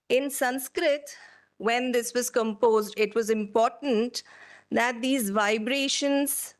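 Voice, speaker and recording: Female lecturer, slightly high voice, unhurried explanatory delivery. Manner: slow, explanatory, asks the audience questions. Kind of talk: lecture to an audience.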